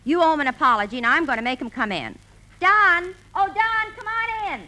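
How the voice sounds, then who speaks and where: A woman in a 1940s radio comedy, teasing and brisk. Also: extremely high pitch, pushed and bright.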